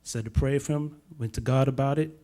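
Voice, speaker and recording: A man's voice: medium pitch, steady tone, a little fast, warm tone. A young man sharing a spoken testimony at church, in casual slangy storytelling that grows emphatic. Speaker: church member giving testimony.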